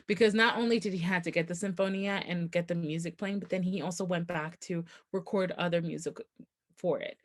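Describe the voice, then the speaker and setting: A woman co-hosting a casual book podcast, retelling the plot in an animated way and quoting the characters. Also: on the low side. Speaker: podcast co-host.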